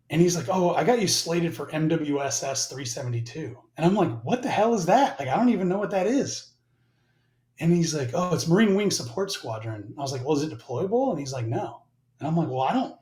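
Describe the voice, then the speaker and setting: Fairly high-pitched and a little mellow, this man in his forties is a guest on a podcast. His storytelling is loose and profane, and he performs both parties in every exchange, all captured with a roomy echo.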